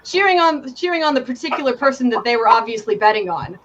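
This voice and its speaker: Casual woman GM, highish voice, lo-fi with faint hiss. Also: expressive, fast, a bit bright. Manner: giggly, casual storytelling. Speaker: game master. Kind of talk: narrating a tabletop game.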